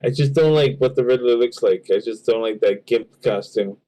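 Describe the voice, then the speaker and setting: A man's voice: medium pitch, moderate pace, mellow, low-quality recording. A man co-hosting a casual podcast chat, speaking hesitantly with frequent restarts. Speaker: podcast co-host.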